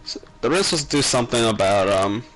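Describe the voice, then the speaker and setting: A man playing a game with friends over voice chat, talking in a quick, matter-of-fact way. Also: medium pitch, animated, a bit bright, rough recording. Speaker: co-player. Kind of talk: casual gaming chat.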